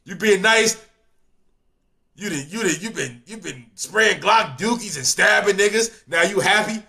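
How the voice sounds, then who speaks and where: A young man reacting to a video in casual commentary, loud and animated, riffing in heavy slang and profanity. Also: high-pitched, a little slow, vocal fry.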